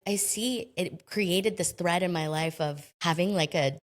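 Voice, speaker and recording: A woman's voice: on the low side, a little slow. A woman from the United States, a podcast guest telling her life story in a candid, chatty way with self-deprecating humor. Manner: candid and chatty, often acting out quoted voices. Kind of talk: casual interview storytelling.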